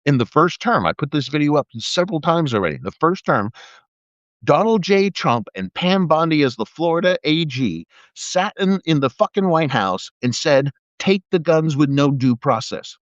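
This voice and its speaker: On a live video picked up by a phone or webcam, a middle-aged former police officer launches into a profane, sarcastic political rant, mocking people with put-on voices. His voice sits on the high side with big pitch swings at a moderate pace, and the sound is dull and dry with no echo.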